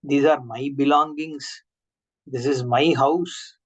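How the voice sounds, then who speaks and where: A man giving an online scripture class, explaining with rhetorical questions and everyday examples and chanting Sanskrit terms slowly. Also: medium pitch, steady tone, slightly rough. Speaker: Vedanta teacher. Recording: dull lo-fi online class audio.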